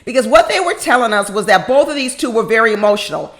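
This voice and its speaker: High-voiced woman giving emphatic recap commentary. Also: expressive, fast talker. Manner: emphatic, preachy, acts out quotes in other voices. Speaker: reality TV recap host.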